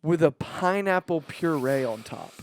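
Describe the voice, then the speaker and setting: A podcast co-host in casual chat, rambling and halting as they describe a meal, laughing often. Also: medium pitch, animated.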